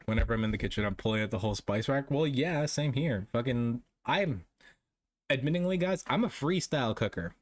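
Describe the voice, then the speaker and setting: A man's voice: mid-range voice, animated, fairly quick. Profane ranting man in casual chat. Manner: profane, ranting, laughs often. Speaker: streamer chatting with viewers.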